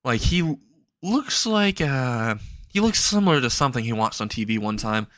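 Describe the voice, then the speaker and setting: A man's voice: mid-range voice, big pitch swings, normal speed, fairly bright tone, dry recording. A young man casually narrating a fan story in a rambling way with laughing asides.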